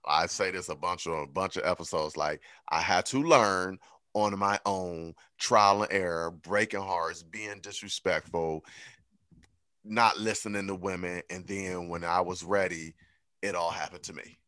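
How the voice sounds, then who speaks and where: A man's voice: low voice, unhurried, dry recording, clean studio sound. A man co-hosting a podcast, talking candidly and reflectively about his own growth. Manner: candid, reflective, animated when quoting himself. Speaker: podcast co-host. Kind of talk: casual chat.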